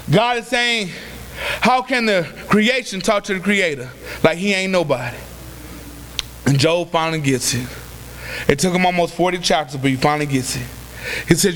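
A man preaching a sermon, asking his listeners question after question, breaking into shouts and dropping low to act out the people he quotes. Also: brisk, long reverb tail, slight background noise. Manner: acts out quoted voices in a lower register.

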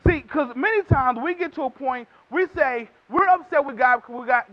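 Casting: very high-pitched male Texan preacher, emphatic sermon delivery, muffled lo-fi audio. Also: brisk. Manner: emphatic preaching, acts out quotes in character voices. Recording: dull lo-fi recording.

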